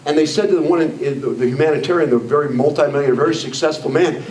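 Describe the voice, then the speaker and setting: A man's voice: a little high, racing, hardly any pauses, darkish tone, a little hiss or hum. Blunt older man speaking from a distance in an echoey room. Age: 60s. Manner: blunt, emphatic, repeating "I don't care" and "you know what?". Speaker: motivational speaker. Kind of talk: motivational speech to a live audience. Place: meeting room with an audience. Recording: echoey room, voice far from the mic.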